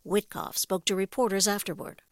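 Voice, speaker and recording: A woman reading a radio newscast in a crisp, even newsreader manner. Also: medium pitch, normal speed, a little hiss or hum. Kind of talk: news reading.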